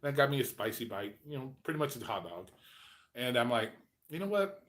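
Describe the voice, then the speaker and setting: A man's voice: medium pitch, fast talker, fairly bright tone. Profane rambling man in his forties. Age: 40s. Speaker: host. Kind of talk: casual livestream chat.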